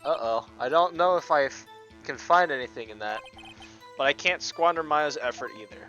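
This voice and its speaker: A man's voice: fairly high pitch, normal speed, sharp tone, highs cut off, soft background music. A man voicing an earnest young male defense attorney who mutters to himself and argues emphatically. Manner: earnest, self-talking, emphatic.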